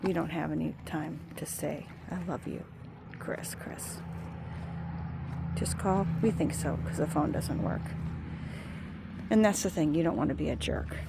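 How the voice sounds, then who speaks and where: Outdoors, a woman who loves animals rambles to a cow in sing-song baby talk, drifting into soft musings, recorded on a phone camera. Her voice sits low and creaky at a normal speed, and the recording is very noisy.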